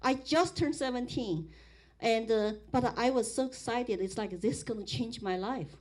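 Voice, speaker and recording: A middle-aged woman from Sichuan with a Chinese accent, telling her life story in a public talk, animated, with frequent restarts. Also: a little high, moderate pace. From Sichuan, China. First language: Mandarin Chinese.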